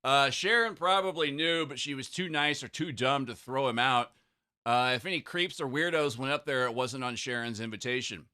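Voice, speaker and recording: A man's voice: mid-range voice, normal speed, bright, forceful tone. A man co-hosting a podcast, reading research notes aloud with sarcastic asides and a slightly scratchy voice. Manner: reads notes with sarcastic asides, clears throat.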